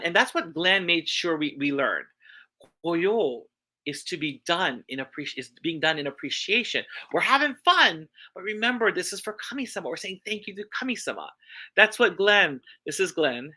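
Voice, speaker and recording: Earnest bright-voiced man with a Hawaiian accent. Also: on the high side. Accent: Hawaiian English. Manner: earnest, repeats phrases for emphasis, frequent restarts. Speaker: church minister giving a talk. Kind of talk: sermon-style personal storytelling.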